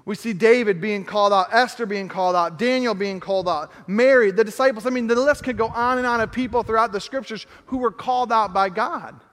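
A man preaching a sermon as pastor, emphatic, repeating key phrases and slowing down to stress them. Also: high-pitched, fairly bright tone, in a large hall.

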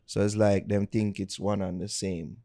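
A man's voice: fairly low pitch, level tone, normal speed, mellow. A Jamaican man co-hosting a podcast in casual chat, laid-back and slipping into patois. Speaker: podcast co-host.

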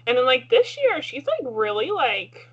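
A woman co-hosting a casual chat show, rambling excitedly with lots of filler words. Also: high voice, moderate pace, breathy edge, highs cut off. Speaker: podcast co-host. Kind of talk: casual chat about reality TV.

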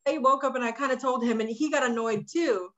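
A woman's voice: fairly high pitch, fast talker, fairly bright tone, lo-fi sound. Woman telling a story in casual chat. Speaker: short-term rental host.

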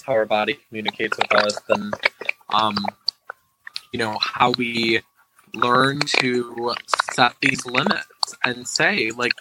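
A man co-hosting a podcast as a therapist, speaking thoughtfully with many pauses and fillers. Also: medium pitch, heavy background noise. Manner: thoughtful, halting, lots of fillers. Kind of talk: reflective podcast conversation.

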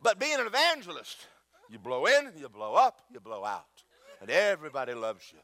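In a sermon to his church, a pastor with a voice on the high side keeps a moderate pace. He's an energetic joker and storyteller who speaks directly to the congregation.

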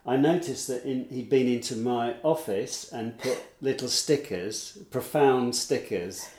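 A man's voice: medium pitch, measured pace, darkish tone. A man telling a meandering story in casual chat, with many restarts. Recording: roomy echo.

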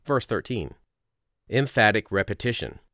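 A man reading a devotional lesson aloud in a slow, reflective way with measured pauses. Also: on the low side, lively intonation, bright, forceful tone, no room sound, clean studio sound. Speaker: course narrator.

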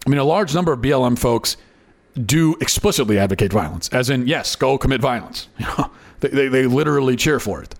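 A man's voice: mid-range voice, lively intonation, quick pace. Emphatic man delivering an opinion monologue. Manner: emphatic, rising to indignant outbursts; repeats and restarts words while arguing. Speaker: political commentary host.

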